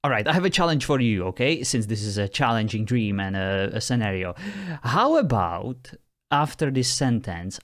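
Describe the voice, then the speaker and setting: Teasing man with a lively voice. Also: lowish voice, moderate pace. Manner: teasing, exasperated, laughs often. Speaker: host testing a phone voice assistant. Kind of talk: casual talk with an AI.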